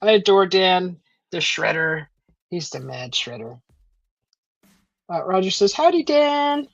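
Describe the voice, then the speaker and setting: A woman with a lowish voice chats loosely with her live stream viewers, trailing off and restarting as she goes. Her talk is full of fillers and small chuckles. The sound is dry and a bit dull, like lo-fi stream audio. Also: expressive, takes it slowly, creaky, fairly bright tone, breathy edge, dry recording. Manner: rambling, many fillers and restarts, chuckles often. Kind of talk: casual chat reading out live chat. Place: at home.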